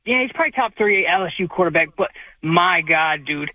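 A fairly high-pitched male caller who comes through a dull, dry line. He is blunt and opinionated, tripping over restarts as he makes his point. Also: animated, fairly quick, no room sound. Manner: blunt, stammers on restarts, says "man" and "dude". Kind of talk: opinionated call-in chat.

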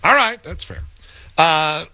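A man's voice: fairly high pitch, big pitch swings, slow, gravelly, bright, forceful tone. A man co-hosting a sports radio show, trading playful, teasing banter and stretching words out for emphasis. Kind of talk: casual sports talk banter.

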